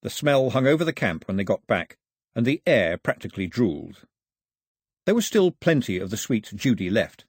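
Husky man narrating a storybook. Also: lowish voice, sing-song, moderate pace, no echo, clean studio sound. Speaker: audiobook narrator. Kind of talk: scripted narration.

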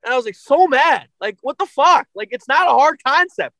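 A young man ranting and swearing in casual podcast chat, excitable and blunt. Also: very high-pitched, a little fast, no room sound. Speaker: podcast co-host.

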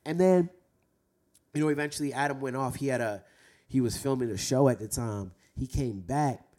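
A young man hosting a faith talk for men, preaching earnestly and slowing down to drive points home. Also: medium pitch, dark tone. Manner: earnest, exhorting, slows down for emphasis. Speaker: host speaking to men about faith.

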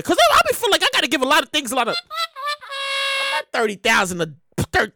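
A podcast host rants in a comedic monologue, his voice swinging wildly up and down. He talks in a high, sharp register, repeats himself for effect and swears freely. The recording is close and dry. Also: gravelly, no room sound. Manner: animated, repetitive, profane. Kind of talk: ranting comedic commentary. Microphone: podcast mic.

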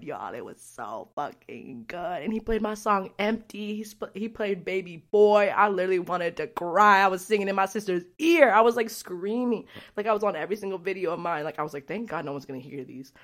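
Chatty young woman with a lowish voice. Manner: chatty, profane, rambling storytelling with frequent fillers. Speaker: vlogger. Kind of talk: casual vlog chat.

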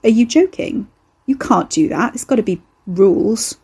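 A woman's voice: on the high side, expressive, moderate pace, warm tone, husky, heavily acted. A woman voicing a frazzled, bruised young woman who talks in an incredulous, exasperated way.

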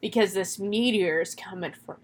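A woman recapping a horror film in casual chat, animated, laughing often and swearing freely. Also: medium pitch, normal speed.

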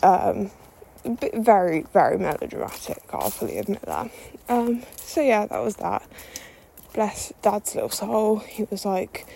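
A woman's voice: medium pitch, lively intonation, a little slow, creaky, dark tone, slight background noise, poor audio. A young woman telling a story as a podcast host, chatty and self-mocking, full of fillers and the odd swear. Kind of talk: casual storytelling monologue.

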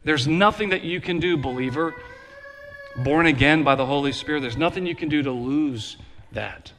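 A man preaching a sermon as pastor, emphatic and repetitive, swinging between loud declarations and quiet low passages. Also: moderate pace. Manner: emphatic preaching with repeated phrases, varying loud and soft. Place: church sanctuary. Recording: long hall reverb.

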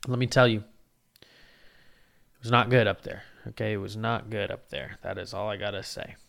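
Gravelly, rambling podcast host, a man. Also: on the low side, moderate pace. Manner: rambling, profane, excitable storytelling. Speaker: podcast host and open-mic comedian. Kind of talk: casual podcast monologue.

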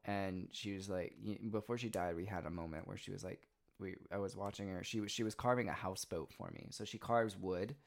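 A man in his twenties, a podcast co-host, telling personal stories in casual chat, rambling with lots of "like" and "you know". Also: sits low. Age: 20s. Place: Los Angeles.

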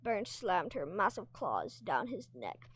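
A woman's voice: mid-range voice, big pitch swings, slow pace, slightly rough, dry recording. A woman reading a novel aloud expressively, now and then tripping over words and commenting on the characters. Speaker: reader and teacher.

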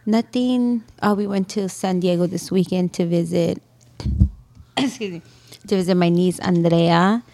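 A woman's voice: on the low side, a little slow, creaky, warm tone. A woman co-hosting a casual chat podcast, easygoing, giving a laid-back life update. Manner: easygoing, gives short replies and questions. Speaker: podcast co-host.

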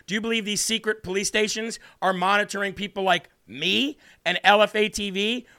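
A man hosting a political talk show, questioning his guest in an emphatic, forceful way. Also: high voice, steady tone, fairly quick. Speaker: host.

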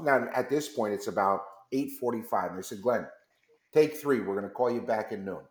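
A company founder, appearing as a guest in a radio studio, tells a long story and acts out the back-and-forth of phone calls. His voice is on the low side and fairly quick, with a reverberant sound.

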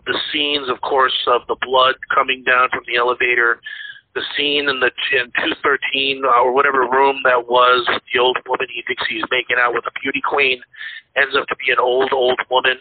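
A man's voice: mid-range voice, flat delivery, moderate pace. Rambling man on a tinny line. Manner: rambling, many fillers and restarts. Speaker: podcast co-host. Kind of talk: casual movie chat.

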